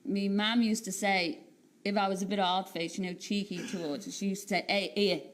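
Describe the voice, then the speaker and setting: A woman in her late thirties from Liverpool, speaking with a Liverpool accent as a talk-show guest, telling stories in a chatty, animated way and laughing often. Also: medium pitch, fairly quick, a little hiss or hum. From Liverpool, England. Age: 30s. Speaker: singer and TV entertainer, guest. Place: TV studio.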